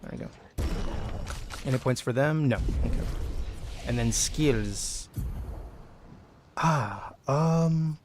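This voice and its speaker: A man's voice: medium pitch, slow pace, pauses often, a little mellow, slight background noise. A man streaming a video game, chatting casually with his viewers and thinking aloud as he plays. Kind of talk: casual gameplay commentary.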